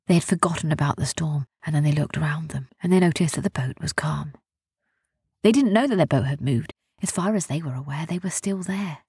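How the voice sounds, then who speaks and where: A woman narrating a children's adventure story softly, hushing at tense moments. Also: low voice, husky, no room sound, studio quality.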